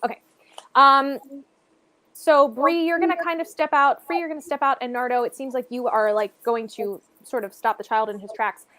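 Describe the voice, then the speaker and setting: High-pitched woman running a tabletop game, chatty and loose, full of fillers. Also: fairly even intonation, normal speed, pushed and bright, no room sound. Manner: rambling, loose, many fillers. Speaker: game master.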